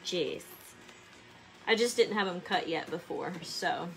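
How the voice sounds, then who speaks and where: A woman's voice: on the low side, lively intonation, slow pace, vocal fry, soft background music. Chatty woman crafting, roomy echo. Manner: chatty, laughs easily, explains as she works. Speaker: crafter demonstrating tumbler making. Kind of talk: casual livestream tutorial. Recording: roomy echo with background noise.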